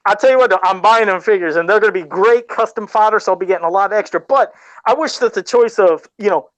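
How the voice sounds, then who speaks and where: High-voiced excitable podcast host. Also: male voice, fast talker, dry recording, lo-fi sound. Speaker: podcast host and toy customizer. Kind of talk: casual podcast chat.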